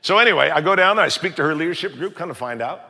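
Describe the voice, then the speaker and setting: Middle-aged male pastor, high gravelly voice, very bright, animated storyteller, hall reverb. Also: racing. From United States. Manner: animated, acts out dialogue in raised voices. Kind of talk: storytelling sermon.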